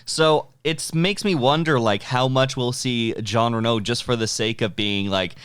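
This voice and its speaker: A man co-hosting a casual podcast discussion, reflective in tone and quick to chuckle. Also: mid-range voice, fairly bright tone, clear, resonant tone, dry recording. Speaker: podcast co-host.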